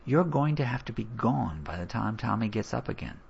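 A man voicing an anxious, protective mother who speaks in sharp whispers. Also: on the low side, lively intonation, a little fast, vocal fry, lo-fi sound, slight background noise. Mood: tense. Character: boy's mother, protective and tense woman.

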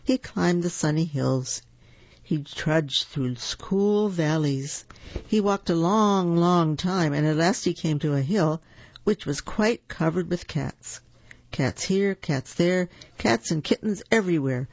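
Gravelly children's storybook reader. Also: medium pitch, no echo. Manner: slow, gentle and expressive. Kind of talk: children's storybook read-aloud. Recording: dull lo-fi recording.

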